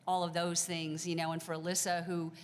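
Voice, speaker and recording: A woman coach talks through the game in a low voice, conversational and loose. Her words carry a long hall reverb. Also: level tone, brisk, slight background noise. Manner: conversational, fills with "you know". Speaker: head coach. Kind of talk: postgame press conference remarks.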